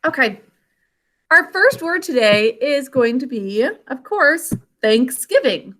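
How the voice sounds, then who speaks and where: A woman teacher's high, bright voice comes through a video call, unhurried and deliberate. She gives an online classroom lesson, sounding out each piece of a word with careful enunciation. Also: sing-song. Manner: slow, carefully enunciated phonics instruction.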